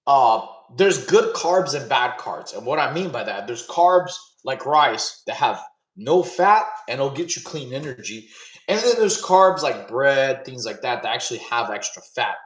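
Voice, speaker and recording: A man chatting casually with his livestream audience and answering questions, laid-back and quick to laugh. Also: mid-range voice, expressive, a bit bright, echoey room, poor audio. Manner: laid-back, chatty, laughs often, addresses chat as y'all. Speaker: streamer answering chat questions.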